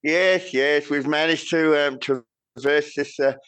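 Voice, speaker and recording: A man's voice: fairly high pitch, fairly even intonation, a bit bright, clean tone. Wry man with an Australian accent. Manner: measured, wry, a few fillers. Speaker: podcast guest correspondent. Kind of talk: casual interview chat.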